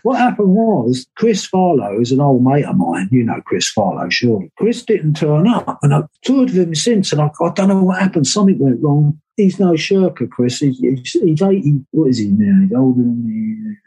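A man's voice: fairly high pitch, sing-song, normal speed, few pauses, dark tone, breathy edge, rough recording. An older man, a guest musician, telling rambling anecdotes in a casual interview and acting out the voices of people he quotes.

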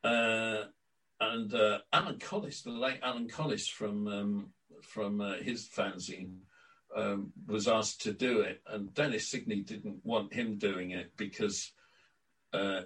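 An older man, a guest on an interview podcast, telling lively stories from his career and acting out quotes. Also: on the low side, unhurried, distant mic, poor audio. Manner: lively raconteur, acts out quotes. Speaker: interview guest, former club announcer. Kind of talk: anecdotal storytelling.

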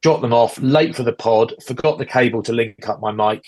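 A man's voice: mid-range voice, normal speed, a little mellow. A British man in his forties on a casual podcast, rambling through an exasperated rant, recording on earbuds at a relative's house. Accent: British English. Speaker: podcast co-host. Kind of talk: casual chat. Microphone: AirPods earbuds.

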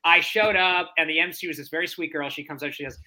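A man who grew up in the States, chatting as a guest on a podcast. He talks quickly and brightly, slipping into quoted voices as he tells stage stories. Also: a little high, rough recording. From United States. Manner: animated storyteller, acts out quoted voices. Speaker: stand-up comedian guest. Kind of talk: casual podcast chat.

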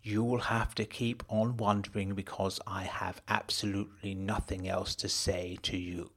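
A man reading an audiobook, voicing a bitter, resentful middle-aged mother in a flat, cutting, quiet voice. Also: lowish voice, normal speed. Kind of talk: audiobook narration.

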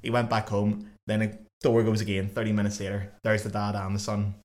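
A young man hosts a podcast in loose, casual chat. He talks quickly and tells stories with lots of laughter, breaking into voices for the people he quotes. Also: fairly low pitch. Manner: animated, laughing, swearing, acts out quotes. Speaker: podcast host.

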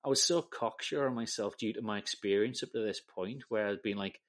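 A man with an English accent talks casually as an interview guest. His voice sits low, and he tells stories with plenty of swearing. He pokes fun at himself as he goes. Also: brisk. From England. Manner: sweary, self-deprecating storyteller. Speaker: guest, camera assistant.

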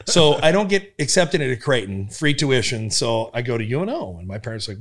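Man, animated storyteller, swoops high and low, laughs through his stories. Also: brisk. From Omaha area of Nebraska. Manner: animated, laughing through his own stories, jumping into big voices for quotes. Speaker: podcast guest, comedian and former cop. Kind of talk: storytelling in casual chat.

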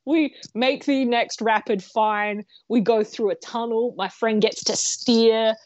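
Animated laughing woman telling a story. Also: on the high side, slow, no echo, dull audio. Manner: animated, laughs often, swears casually. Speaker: podcast co-host. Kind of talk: casual storytelling chat.

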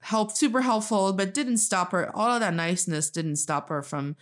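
A woman from China chatting casually as a podcast co-host, telling animated stories with laughs. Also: mid-range voice, moderate pace. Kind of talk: casual conversation.

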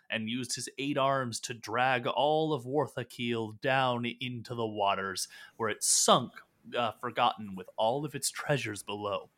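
Man running a tabletop game. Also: mid-range voice. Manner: rambling, relaxed, with many fillers. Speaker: game master.

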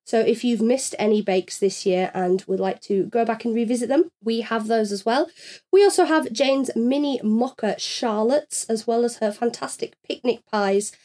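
A woman hosting a casual podcast, her voice sitting a little on the high side. She moves from relaxed chat into bright, friendly promotional reading. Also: normal speed. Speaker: podcast host.

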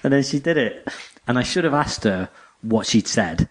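A man's voice: medium pitch, normal speed. A man, chatting casually as a podcast co-host and telling rambling stories. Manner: rambling, animated storytelling with acted quotes. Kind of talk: casual chat.

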